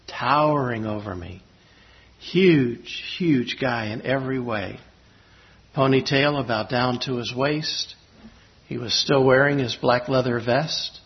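Pastor man, reflective halting storyteller. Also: medium pitch. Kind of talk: sermon with personal storytelling. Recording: slightly dull lo-fi recording.

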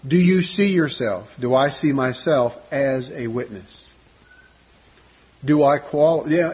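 Husky-voiced man preaching a sermon. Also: fairly high pitch, dull audio. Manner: conversational preaching with many fillers and restarts.

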